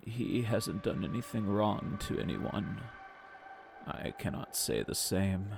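A man voicing a weary older former swindler, speaking in a slow, resigned way. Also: on the low side, gravelly, background noise.

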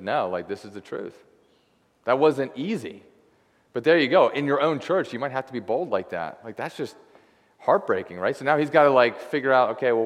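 A young adult man giving a sermon as a guest preacher, talking in a loose, conversational way with lots of filler words. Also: mid-range voice. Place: church sanctuary. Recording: long hall reverb.

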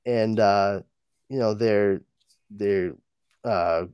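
A man hosting a podcast, giving a casual comic-book recap in a halting way, full of fillers and with frequent chuckles. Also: lowish voice, big pitch swings, vocal fry, darkish tone, clear, resonant tone, no room sound, muffled recording.

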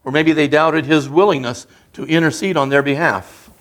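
A man's voice: fairly high pitch, fairly even intonation, moderate pace, a bit bright. A man preaching a sermon as a guest speaker, in an earnest, conversational way that builds in emphasis.

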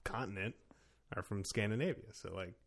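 A man's voice: lowish voice, moderate pace, vocal fry, breathy edge. A young man chatting casually and easygoingly, laughing often. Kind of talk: casual chat.

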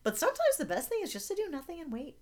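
A woman's voice: very high voice, huge pitch swings, rapid-fire, darkish tone. A woman co-hosting a podcast, chatting casually and joking as she recaps a TV episode with a friend. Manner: wry, joking, laughs often. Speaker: podcast co-host.

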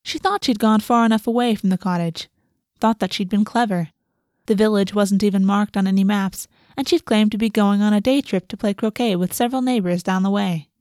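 A woman narrating a storybook in a steady, even reading voice. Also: mid-range voice, brisk, no echo, studio quality.

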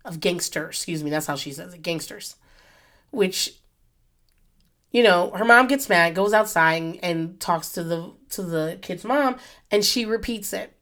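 This solo podcast host, a woman in her thirties, talks unhurriedly in a lowish, fairly bright voice into her podcast mic. Her casual talk is rambling and profane, straying onto tangents.

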